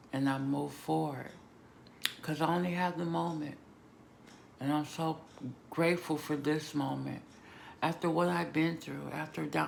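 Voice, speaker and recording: A woman vlogger giving an emotional, emphatic personal testimony, moving between hushed and loud moments. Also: low-pitched, vocal fry, slight background noise. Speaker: vlogger sharing a personal story.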